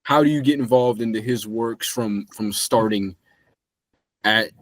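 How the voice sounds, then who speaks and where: A man interviewing a guest, asking a question in halting, repeated starts. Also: lowish voice, no room sound.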